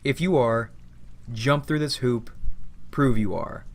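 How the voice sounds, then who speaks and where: A man voicing his own personified ego, a calm and judging figure that speaks tersely and low. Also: takes it slowly.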